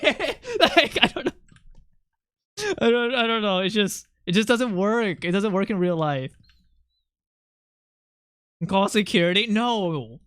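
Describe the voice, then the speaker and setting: Bright, crisp streamer rambling casually. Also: mid-range voice, expressive, measured pace, no room sound, studio quality. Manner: rambling, self-interrupting, swearing freely. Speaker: streamer and artist. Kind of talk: casual stream chat while drawing.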